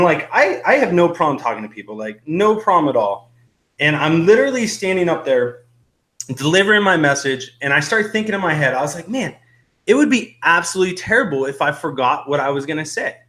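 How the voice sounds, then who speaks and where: Man, young adult, casual live-stream host, chatty, rambling, nervous, slightly breathless, somewhat high voice. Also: a bit bright.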